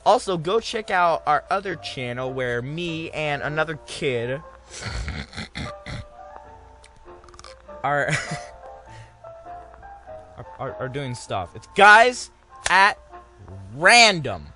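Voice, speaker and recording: A young man giving goofy, excitable let's-play commentary while he plays a game. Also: fairly high pitch, drawn-out words, pauses often. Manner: goofy, excitable, puts on silly voices. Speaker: gaming YouTuber. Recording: loud game music underneath.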